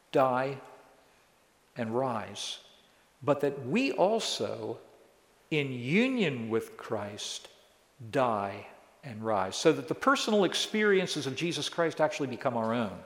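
Slow, emphatic preacher in an echoey hall. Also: male voice, mid-range voice. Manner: slow, deliberate, emphatic delivery. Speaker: pastor teaching a Bible study series. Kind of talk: sermon with prayer and scripture reading. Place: large church sanctuary.

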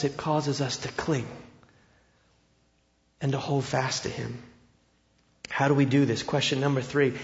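A high-voiced male preacher delivers an impassioned sermon, rising to loud emphasis and dropping to hushed tones. His voice rings with a long hall reverb, and the recording sounds muffled and dull. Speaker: pastor.

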